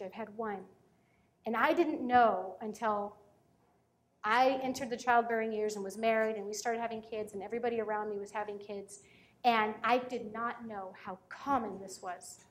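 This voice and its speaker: A woman in her thirties giving an earnest talk on parenting, telling personal stories and turning emotional. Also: a little high. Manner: earnest, storytelling, turns emotional. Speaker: speaker on parenting.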